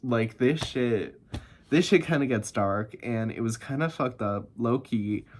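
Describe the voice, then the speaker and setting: A man chatting casually about books he loved, gushing and excitable, laughing and swearing a lot, and a bit tired. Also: medium pitch, a little slow. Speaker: book reviewer. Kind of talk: casual chat.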